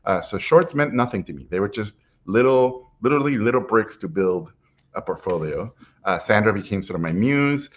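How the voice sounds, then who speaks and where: A middle-aged man, an animation director, telling stories from his life in an animated way, often chuckling as he talks. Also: fairly low pitch, moderate pace. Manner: animated storyteller, chuckles while telling anecdotes. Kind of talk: personal storytelling talk. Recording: dull lo-fi recording.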